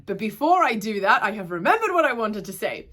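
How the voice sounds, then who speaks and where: A young woman vlogs to camera from indoors at home, her Australian accent drifting towards Irish as she chats casually and rambles, losing her train of thought. Her mid-range voice swings widely in pitch, sounds a bit bright, and moves a little fast.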